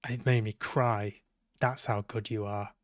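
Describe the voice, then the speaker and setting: Male streamer, unhurried and sardonic, dry close sound, swears freely. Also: on the low side, flat delivery, no echo. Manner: sweary, sarcastic, talks back at the characters. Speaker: game streamer. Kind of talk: live let's-play commentary.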